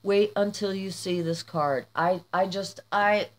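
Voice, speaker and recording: Slow-talking tearful woman vlogger. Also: mid-range voice. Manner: emotional, gushing, tearful. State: crying happy tears. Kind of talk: casual vlog, opening gifts.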